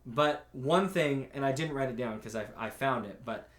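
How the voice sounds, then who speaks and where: A young man talks through an anime episode on a casual podcast. His pitch sits in an ordinary middle range, and he reacts to scenes with animated bursts and the odd swear. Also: moderate pace, echoey room. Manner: animated recapping, reads out scene quotes, swears freely. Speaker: podcast co-host. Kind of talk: casual chat.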